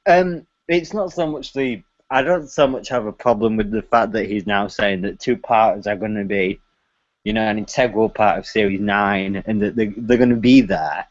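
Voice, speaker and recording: Man, podcast co-host, frustrated but measured, casual chat, dry dull lo-fi audio. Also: mid-range voice, dry recording. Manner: frustrated, measured, some fillers.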